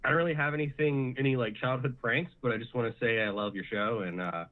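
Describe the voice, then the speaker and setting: A man's voice: medium pitch, fast. A man from Florida calling a show, speaking shyly and hesitantly. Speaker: caller. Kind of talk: brief friendly phone call. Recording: tinny phone line.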